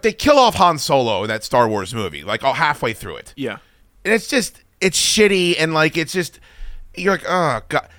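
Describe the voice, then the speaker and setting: A man with a somewhat high, very lively voice tells a story on a radio show, excitable and profane. His tone is bright and forceful, and the sound is close and dry. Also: no echo. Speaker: radio co-host. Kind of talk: casual chat, movie review.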